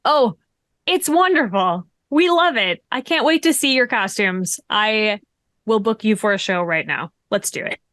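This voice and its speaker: A woman's voice: mid-range voice, animated, measured pace, a bit bright, dry recording, clean studio sound. A woman hosting as game master of a streamed tabletop game, chatting in a bubbly way and laughing often. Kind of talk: casual chat at the end of a streamed tabletop game.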